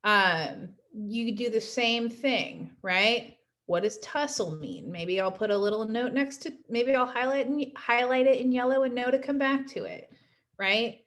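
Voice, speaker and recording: A woman's voice: on the high side, a little slow, a bit bright. A woman teaching a class in a casual recorded lecture, chatty and often adding "right?" to check in with her students. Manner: chatty, frequent "right?" tags.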